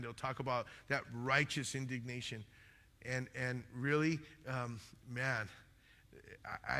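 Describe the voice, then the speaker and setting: Loud, passionate preaching man. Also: mid-range voice, in a large hall. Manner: loud, passionate, animated storytelling. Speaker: pastor. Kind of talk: sermon. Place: church sanctuary.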